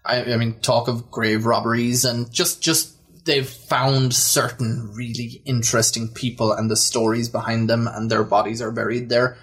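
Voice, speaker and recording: A man co-hosting a podcast in casual chat, relaxed and rambling with trailing phrases. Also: mid-range voice, normal speed, husky. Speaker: podcast co-host.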